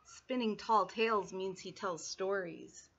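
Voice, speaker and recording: A woman teacher reading a storybook aloud to young children, expressive and stopping to explain words. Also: medium pitch, a little slow, creaky. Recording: lo-fi muffled recording.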